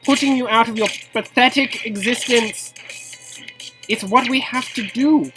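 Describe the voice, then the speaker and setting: A woman giving playful, mock-serious commentary over a game, scolding in a theatrical mock-formal tone that breaks into high squeals. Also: unhurried, a bit bright, soft background music, rough recording. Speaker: gameplay commentator.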